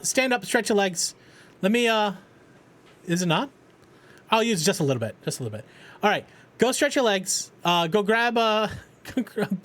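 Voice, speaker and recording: A man's voice: high voice, a bit bright. A man streaming live, chatting casually, joking, swearing and talking to his dog. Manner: playful, swears a lot, talks to his dog.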